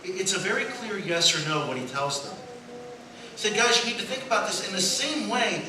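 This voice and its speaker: A man's voice: high voice, big pitch swings, brisk. A male pastor giving a sermon, telling funny stories and acting out the voices of the people in them. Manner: storytelling, acts out voices in quotes, laughs at own jokes. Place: church sanctuary. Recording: echoey church from far off with noise.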